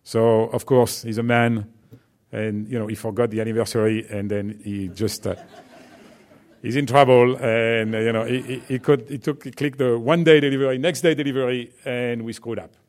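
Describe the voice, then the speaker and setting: A man's voice: mid-range voice, steady tone, moderate pace, darkish tone. A man with a French accent, a company executive giving a chatty business talk to students, full of fillers and "right?" check-ins.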